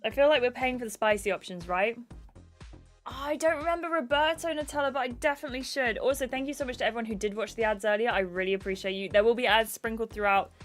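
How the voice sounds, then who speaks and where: A woman livestreaming herself playing a game, chatting in scatterbrained asides with frequent giggles, speaking into a webcam setup at her desk. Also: fairly high pitch. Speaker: gaming streamer. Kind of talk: live gameplay commentary.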